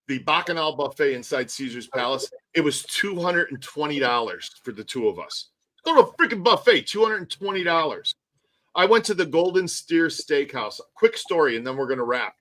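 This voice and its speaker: A man's voice: on the high side, big pitch swings, moderate pace, a bit bright, poor audio. A man hosting a live stream, ranting animatedly in casual chat and swearing often. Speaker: tour guide and live stream host.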